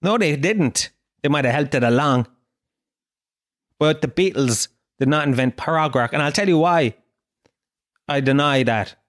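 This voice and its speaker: A man in his thirties with a Dublin Irish accent, ranting and swearing on his own solo podcast, mock-indignant and animated. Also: on the high side, unhurried, long pauses. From Ireland. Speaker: podcast host. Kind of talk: casual solo podcast rant.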